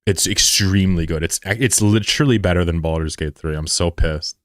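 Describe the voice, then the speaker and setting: A man's voice: sits low, fairly quick, no echo, studio quality. A young man streaming and chatting casually with viewers, joking and swearing loosely as he talks. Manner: loose, profane, joking banter. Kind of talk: casual live-stream chat.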